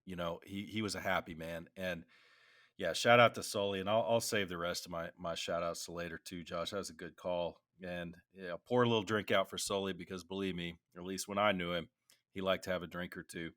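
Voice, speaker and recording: A middle-aged man with a very low voice that still has a bright, forward edge tells stories with a veteran's casual looseness. He circles back and restarts often. The sound is dry and close. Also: steady tone, a little fast, no room sound. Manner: rambling anecdotes with many restarts and fillers. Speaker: podcast co-host; military veteran. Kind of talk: casual conversational storytelling.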